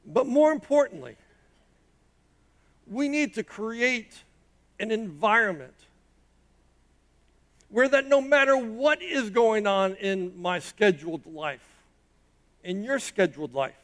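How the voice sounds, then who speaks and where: A middle-aged man preaching a sermon, emphatic, swinging from loud rises to quiet drops. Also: expressive, slow pace, pauses often. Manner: emphatic preaching, rising and dropping in pitch and loudness. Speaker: pastor.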